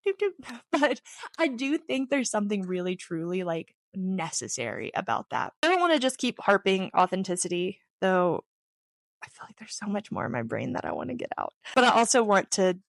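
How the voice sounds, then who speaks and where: Woman in her 30s vlogging, earnest and kinda rambly, self-deprecating jokes, mid pitch, dry close sound. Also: big pitch swings, normal speed, creaky, dry recording. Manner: earnest and openly personal, wanders into tangents with light self-deprecating humor. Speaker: athlete sharing reflections on her channel. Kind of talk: casual reflective talk to camera.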